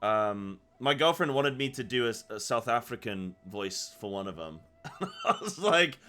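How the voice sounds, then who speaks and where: A man's voice: medium pitch, very animated, a little slow, sharp tone. A man streaming a game, chatting casually in a joking, self-deprecating way.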